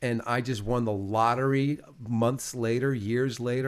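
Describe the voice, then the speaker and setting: A man's voice: mid-range voice, steady tone, normal speed, few pauses, smooth. A middle-aged man in an intimate casual chat with his partner, rambling and repeating words, often emotional. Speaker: host interviewing his partner.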